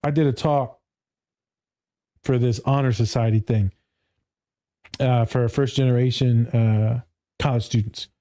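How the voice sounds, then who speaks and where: A male therapist talking on a podcast in a blunt, profane way. He laughs often and mimics his clients in higher voices. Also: fairly even intonation, unhurried, long pauses, warm tone. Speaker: therapist and speaker. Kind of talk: casual podcast conversation.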